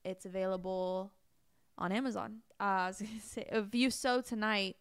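A woman co-hosting a casual ministry podcast, relaxed and hesitant, with many fillers. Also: mid-range voice, brisk, no room sound, studio quality.

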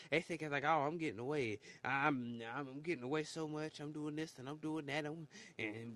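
Preachy man with a bright voice. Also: medium pitch, no echo, low-quality recording. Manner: preachy, exclaims "Lord have mercy". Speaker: podcast host. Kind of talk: preachy motivational monologue.

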